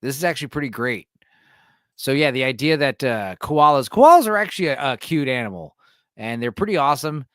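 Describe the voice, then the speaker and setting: A man's voice: mid-range voice, expressive, brisk, fairly bright tone, no room sound, clean studio sound. Rambling, profane male stream host. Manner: rambling, profane, laughs often. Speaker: livestream host reading chat. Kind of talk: casual late-night stream chat.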